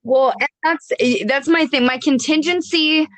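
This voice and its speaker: A woman guest on a podcast, explaining her views in a measured, deliberate way in casual chat. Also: high-pitched, no room sound.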